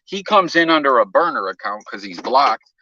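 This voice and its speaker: A man's voice: medium pitch, big pitch swings, normal speed, bright, forceful tone, breathy edge, lo-fi sound. A man hosting a casual live stream, telling stories loosely with slang and profanity.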